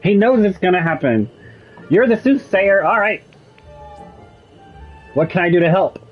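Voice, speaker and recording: A man's voice: high-pitched, animated, a little slow. A young man casually commenting while playing a video game, making wry jokes and musing aloud. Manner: wry, joking asides, muses aloud. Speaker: gamer. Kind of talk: let's play commentary. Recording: slightly muffled with faint game music.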